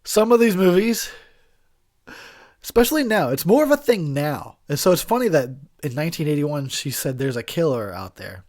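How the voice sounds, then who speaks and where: A man's voice: sits high, animated, normal speed, darkish tone. Giggly drunk man riffing on a movie. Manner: giggly, crude, rambling. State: drunk and high. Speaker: movie commentator.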